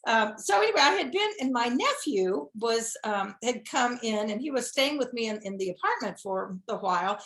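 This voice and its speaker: A woman's voice: fairly high pitch, expressive, normal speed, hardly any pauses, fairly bright tone. A middle-aged woman guest telling a personal story in a chatty, self-deprecating way, with laughs worked into her talk. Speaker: guest speaker. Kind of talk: casual storytelling interview. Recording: echoey room.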